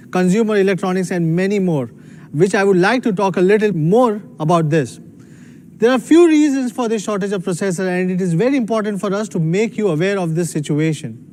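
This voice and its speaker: A man's voice: high voice, darkish tone, a little hiss or hum. A man giving a proud, emphatic scripted keynote as a company executive.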